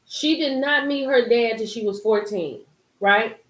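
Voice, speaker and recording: A woman hosting a casual live-stream commentary, emphatic and animated, reading and reacting to viewer comments. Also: a little high, measured pace. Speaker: YouTube commentary host. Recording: roomy echo.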